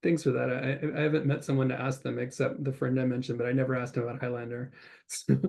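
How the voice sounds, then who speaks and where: A man hosting a video-call interview, halting and filling his sentences with repeated words. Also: mid-range voice, flat delivery, gravelly, a little mellow. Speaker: interviewer and anthology editor. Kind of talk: casual interview chat.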